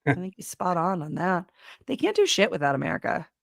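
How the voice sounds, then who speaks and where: Woman, news talk co-host, sarcastic, casual commentary, middle pitch, dry close sound. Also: very animated, fast, vocal fry, dry recording. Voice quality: sarcastic, jokey, trails off when searching.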